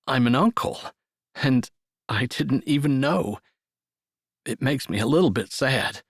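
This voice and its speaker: A man voicing a reclusive uncle speaking gently and haltingly to his young niece in an audiobook. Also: medium pitch, animated, slightly rough, dry recording, studio quality. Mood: gentle, grieving. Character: grieving, gruff but gentle uncle.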